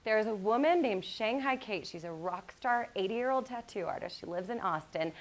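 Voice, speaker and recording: Animated woman giving a motivational keynote. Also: medium pitch, moderate pace. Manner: animated storytelling with guided meditation passages. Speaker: motivational speaker. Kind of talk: keynote talk to college students.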